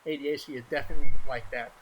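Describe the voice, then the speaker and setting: A man streaming a game, talking casually in a soft-spoken, rambling way with frequent chuckles. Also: medium pitch, steady tone, rapid-fire, a little hiss or hum. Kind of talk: casual gaming stream chat.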